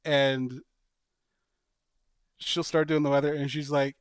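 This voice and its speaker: A man hosting a podcast, chatting casually and pitching a sketch idea with animated storytelling and bursts of laughter. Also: measured pace, long pauses, clear, resonant tone, dry recording, clean studio sound. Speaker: podcast host. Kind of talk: casual chat.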